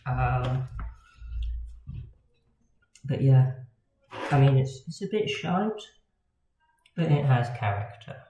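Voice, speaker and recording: A man's voice: medium pitch, lively intonation, takes it slowly, long pauses, dark tone. A man chatting casually on a livestream while he draws, rambling and swearing in a self-deprecating way. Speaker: miniatures hobbyist streamer. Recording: roomy, dull lo-fi with faint noise.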